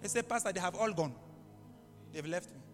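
Animated high-voiced preacher in a hall. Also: male voice, fairly quick, soft background music. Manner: animated storytelling, acting out voices and animal sounds. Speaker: pastor. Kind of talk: sermon.

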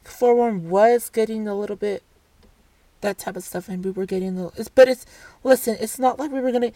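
A woman telling a casual storytime rant, animated, swearing, full of restarts and asides. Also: on the high side, fairly quick, dry recording.

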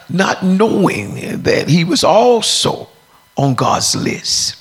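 A deep-voiced woman preacher telling a testimony, acting out the dialogue as she tells it. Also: very animated, slow, a bit bright, slight background noise. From United States. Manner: storytelling, acts out dialogue.

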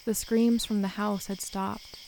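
A woman narrating a first-person horror story in a calm, measured way. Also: medium pitch, gravelly, slight background noise, low-quality recording.

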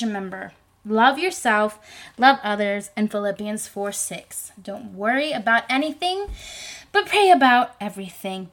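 A young woman hosting her own podcast, rambling and animated with plenty of fillers. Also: a little high. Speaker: podcast host. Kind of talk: casual podcast monologue.

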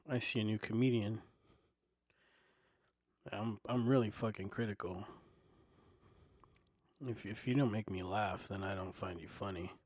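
In an unscripted solo podcast rant from his home desk, a podcast host with a fairly low voice swears freely and says "you know" in nearly every sentence. He sounds heated yet loose. A desktop microphone and recorder capture it close and dry, with no room echo.

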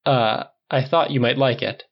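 A man voicing an earnest, polite man who speaks softly and tentatively, in a dull lo-fi recording. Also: medium pitch, fairly even intonation, normal speed, gravelly. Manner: soft, tentative.

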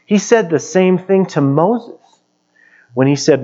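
A man's voice: fairly high pitch, expressive, takes it slowly, dark tone, dull audio. A middle-aged male pastor giving a sermon in a conversational, plainspoken way.

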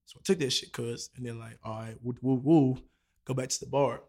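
In a casual chat, a young man with a medium-pitched voice tells his friends a story a little fast. He brings it to life by doing the characters' voices, and he swears freely along the way.

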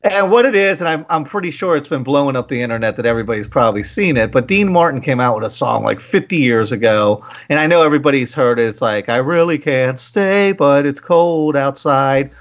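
Radio host, male, animated storyteller, slightly muffled recording. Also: mid-range voice, quick pace, few pauses. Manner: animated storytelling, slips into quoted voices. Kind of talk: casual radio talk.

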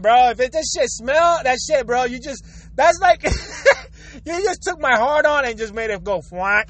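A young male vlogger with a very high-pitched, slightly bright voice goes on a crude, rambling, casual rant to his viewers. He uses slangy street talk and chuckles often, and the recording is rough.

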